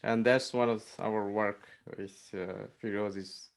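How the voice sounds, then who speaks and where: A man with a fairly low voice moderates a webinar over a video call. He talks in a friendly but hesitant way, leaning on "you know" and "uh" between phrases. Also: steady tone, measured pace, gravelly. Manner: friendly, hesitant, with many fillers. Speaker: webinar moderator and faculty member. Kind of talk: casual webinar talk.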